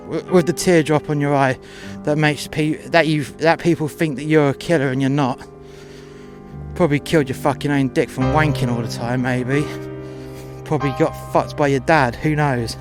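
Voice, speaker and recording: A man's voice: fairly high pitch, steady tone, normal speed, soft background music. A man telling a first-person story in a crude, confrontational way, acting out both sides of a row.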